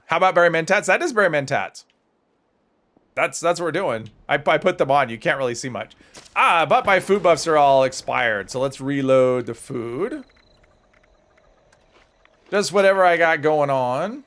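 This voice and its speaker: Chatty man streaming a game, higher voice. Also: expressive, normal speed, a bit bright. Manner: chatty, rambling, self-deprecating, answers viewer comments. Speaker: gaming livestreamer. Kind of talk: casual livestream commentary while playing.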